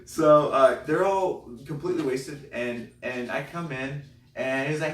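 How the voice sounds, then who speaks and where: A man, a comedian guest, telling a personal story in an animated, self-deprecating way. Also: medium pitch, a little slow. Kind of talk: comic storytelling. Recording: roomy, distant mic, faint noise.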